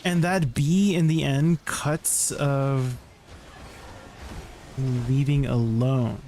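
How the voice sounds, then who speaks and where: A man streaming live, chatting casually to his viewers in a rambling, excitable way, full of restarts and filler words. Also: medium pitch, drawn-out words, slight background noise.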